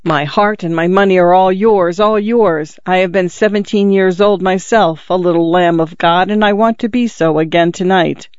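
A man voicing a drunk giant sailor who clings and coaxes in a loud, boisterous way. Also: high voice, fairly even intonation, moderate pace, few pauses, clean tone, no room sound, lo-fi sound, close to an everyday voice. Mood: coaxing.

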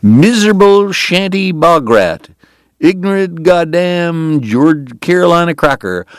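A male audiobook narrator voicing a cheerful, teasing Irish entertainer with an Irish accent and a bright, sing-song manner. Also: medium pitch, wildly swooping pitch, moderate pace, no room sound, studio quality, pitched above the performer's own voice. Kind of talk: audiobook character voice.

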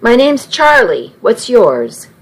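Brief: a kind, flustered young guy, read by a woman, gentle and slow in a storybook. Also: fairly high pitch, very animated, breathy edge, heavily acted, low-quality recording. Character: polite young man, kind but flustered.

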